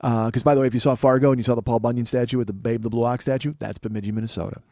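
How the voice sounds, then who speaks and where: A man's voice: mid-range voice, steady tone, rapid-fire, a little mellow, no echo. A man in his forties from Chicago, a podcast host riffing through a sarcastic, profane comedic monologue in a small studio.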